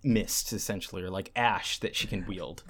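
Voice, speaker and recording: A podcast co-host with a deep, husky voice recaps an anime in a casual chat at a moderate pace. He's animated, acting out the characters' lines as he goes.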